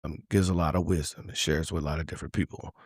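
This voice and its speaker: A man hosts a casual podcast interview in a low voice. He talks loosely, full of slang, fillers and restarts. The sound is dry and close. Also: fairly even intonation, fast talker, darkish tone, husky, no room sound. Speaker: podcast host.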